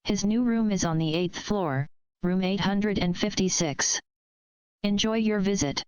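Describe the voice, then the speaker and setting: A woman's voice: mid-range voice, unhurried, clean tone, no room sound, lightly acted. A woman reading aloud, voicing a snooty hospital receptionist who speaks in a sickly sweet, uppity way. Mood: flustered.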